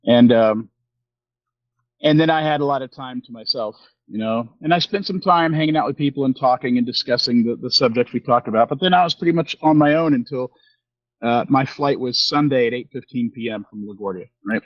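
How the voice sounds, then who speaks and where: A man's voice: medium pitch, fairly quick, no room sound, highs cut off. A man in his fifties co-hosting a podcast, telling a long story in casual chat, rambling with many fillers and restarts and acting out the lines of the people he quotes. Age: 50s. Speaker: podcast co-host.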